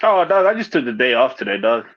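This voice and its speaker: A man chatting casually as a guest, using relaxed slang and calling his friend "fool" and "dog.". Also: medium pitch, fast, lo-fi sound. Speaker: guest on a live-stream chat. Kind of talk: casual chat.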